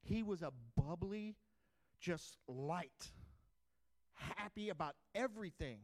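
A middle-aged pastor, preaching a sermon in a conversational storytelling way, swinging from loud bursts to quiet asides. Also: male voice, sits high, takes it slowly.

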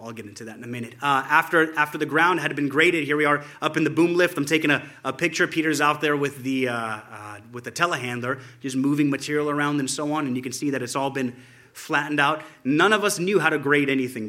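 A man with a forceful, bright tone gives an informal spoken tribute to friends. He tells loose, wandering stories over a slideshow and chuckles often as he goes. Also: fairly high pitch. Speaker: church friend presenting a photo slideshow.

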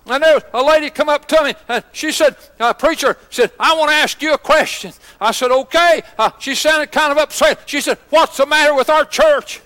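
A high-pitched, bright-toned older man preaches at an ordination service. He talks in a homespun, story-telling way, full of "uh" fillers. His voice carries with the long reverb of a church sanctuary. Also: brisk, hardly any pauses. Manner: folksy, many "uh" fillers and storytelling asides. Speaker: pastor. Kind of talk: ordination sermon.

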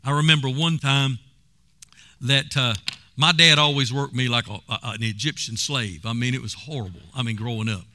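A man's voice: medium pitch, moderate pace, pushed and bright. A male pastor preaching a sermon, telling stories and calling out to the congregation. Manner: fervent storytelling with call-outs to the congregation.

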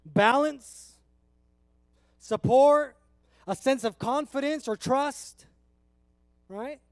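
A man in his thirties from California with a very high voice, preaching an earnest, conversational sermon. The sound is close and dry, with no room echo. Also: drawn-out words. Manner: earnest, conversational, emotional at times. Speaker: pastor.

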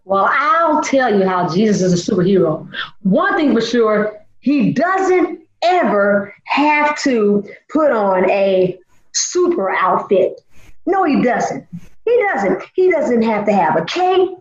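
A woman leads a children's church lesson in a playful, theatrical way. Her voice sits high and swoops all over its range. The sound is roomy and a little dull. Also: sing-song, slow.

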